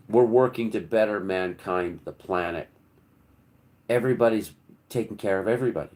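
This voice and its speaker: A man delivering a rambling, preachy monologue in casual, sometimes profane speech, with sudden loud outbursts that drop back to low murmurs. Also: moderate pace. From United States. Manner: casual, swears. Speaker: channel host. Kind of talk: impassioned monologue.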